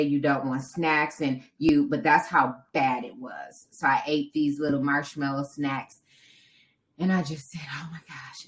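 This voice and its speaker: A woman with a low voice tells a story on a casual podcast. She is animated and brings in the voices of the people she met along the way. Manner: animated storytelling, acting out other people's lines. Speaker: podcast co-host and marathon runner.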